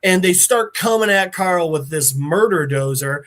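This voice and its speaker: A man hosting a podcast, recapping a story in a casual, animated and profane way. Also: high-pitched, a little slow. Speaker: podcast host.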